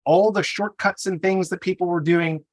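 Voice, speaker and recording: A man hosts a podcast, reflecting conversationally on what past guests taught him. His voice sits a little higher than most men's. The sound is dry and close, with no room echo. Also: steady tone, moderate pace. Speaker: podcast host. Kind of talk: conversational interview talk.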